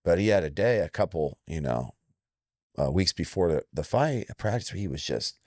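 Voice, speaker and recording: A man's voice: sing-song, moderate pace, a little mellow, no room sound, clean studio sound. A man in his forties from Indiana, a fight coach talking bluntly and emphatically in an interview. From Indiana, USA. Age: 40s. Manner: blunt, emphatic, acts out quoted lines with jumps in pitch. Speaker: MMA coach, guest. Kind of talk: candid interview talk.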